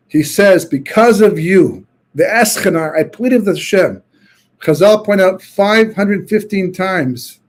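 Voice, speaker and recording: A man teaching a Torah class as a rabbi, telling the story in an animated way with quoted voices. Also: high-pitched, slightly rough.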